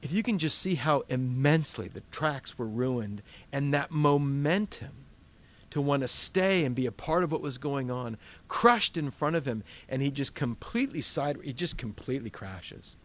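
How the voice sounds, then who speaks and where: A man's voice: lively intonation, moderate pace. A man preaching a sermon, retelling a biblical story and acting out the quotes. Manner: storytelling, acting out biblical quotes with sudden loud high bursts.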